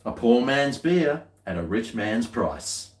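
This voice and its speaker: A man's voice: medium pitch, big pitch swings, takes it slowly, reverberant. An Australian man chatting casually while tasting beer, rambling along with dry, muttered asides.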